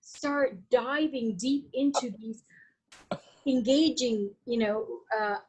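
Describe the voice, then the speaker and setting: A woman's voice: a little high, slow, darkish tone, breathy edge, rough recording. A woman with a Latin American Spanish accent, a guest on a podcast interview, talking in a flowing, reflective way with many restarts and fillers. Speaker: guest, Vedic astrologer.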